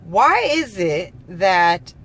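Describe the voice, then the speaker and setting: A woman's voice: fairly low pitch, very animated, very slow, a bit bright, a little hiss or hum. A woman from California, a mother, telling a story in a heated, profane vlog rant, quoting people back and forth. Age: adult mother. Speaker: vlogger.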